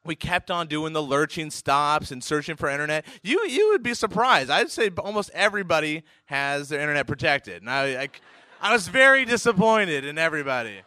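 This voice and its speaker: Bright, clear-voiced man telling a story. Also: fairly high pitch, a little fast, dry recording, studio quality. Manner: animated, chuckling, many restarts. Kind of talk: casual spoken anecdote.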